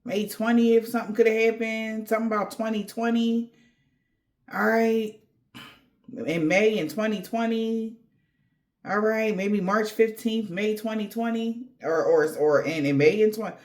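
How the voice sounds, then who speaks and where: A woman's voice: mid-range voice, normal speed, darkish tone. A woman giving a casual tarot reading, rambling in slangy talk addressed straight to the viewer. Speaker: tarot reader.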